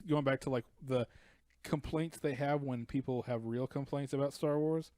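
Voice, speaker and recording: A man talking through his opinions on a casual comedy podcast, earnest and explanatory. His voice sits at a plain middle pitch. The recording is dry and close, with no room sound. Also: fairly even intonation, moderate pace, dark tone, dry recording. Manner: earnest, explains points at length. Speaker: podcast co-host.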